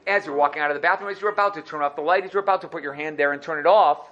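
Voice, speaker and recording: Man, Torah teacher, rapid speech, fairly high voice, animated. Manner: animated, acts out dialogue. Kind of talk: lively Torah lesson.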